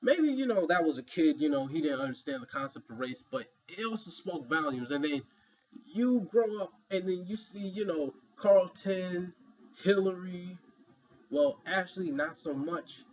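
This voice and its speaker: A man talks through his opinions in a loose, emphatic vlog monologue, leaning on "you know" as he goes. His voice sits a little high and has a husky edge. The recording sounds dull and lo-fi. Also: animated, moderate pace. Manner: rambling, emphatic, many "you know" fillers. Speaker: vlogger. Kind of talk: opinion commentary.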